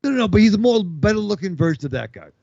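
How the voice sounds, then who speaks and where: Gravelly, animated storytelling man. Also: sits high, rapid-fire, no room sound. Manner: animated, swearing, acts out other people's lines. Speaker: podcast co-host. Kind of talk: casual storytelling with profanity. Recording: dull, dry podcast audio.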